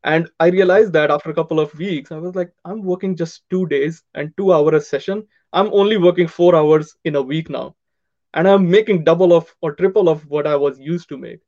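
A man's voice: fairly high pitch, fairly quick. Guy guest telling his story with lots of energy, voices both sides of the chat, muffled lo-fi audio. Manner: animated, acts out both sides of past conversations. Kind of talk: casual storytelling interview.

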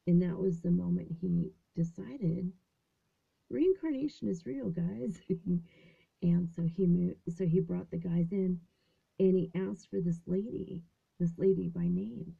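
A woman's voice: lowish voice, a little slow, vocal fry, warm tone, husky. A woman in her fifties telling a story in a casual, rambling way with many fillers and restarts, partly whispered, recorded in a small closet on a tinny, phone-like line. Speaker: vlogger.

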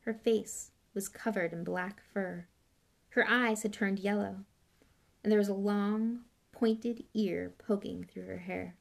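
A woman's voice: mid-range voice, fairly even intonation, slow, creaky. A woman reading a novel aloud in a plain way with small slips and restarts. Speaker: audiobook reader.

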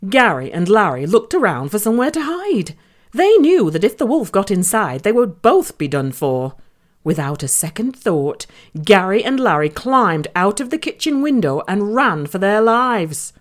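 A woman reading a children's story aloud in an expressive, playful way. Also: fairly low pitch.

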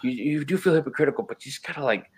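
A man's voice: medium pitch, rapid-fire, husky. A man talking earnestly in a casual faith discussion, restarting sentences and firing off rhetorical questions.

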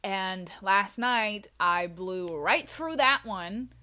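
A young woman vlogging in a rambling, scattered way, goofy and self-mocking, with sudden loud outbursts. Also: medium pitch, lively intonation, very slow. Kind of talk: rambling casual monologue.

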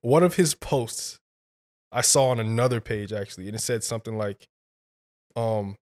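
Animated man telling a slangy story. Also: fairly low pitch, moderate pace. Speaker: podcast guest. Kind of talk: casual conversation.

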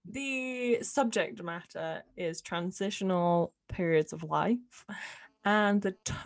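A woman's voice: lowish voice, slow pace. A woman with a British accent co-hosting a podcast, chatting in an easygoing way and laughing readily. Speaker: podcast co-host. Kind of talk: casual chat.

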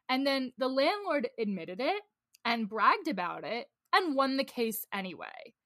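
A woman's voice: a little high, very animated, measured pace, sharp tone, dry recording, clean studio sound. A woman co-hosting a podcast in casual chat, ranting with rising anger. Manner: fired-up, rants and acts out angry scenes. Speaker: podcast co-host.

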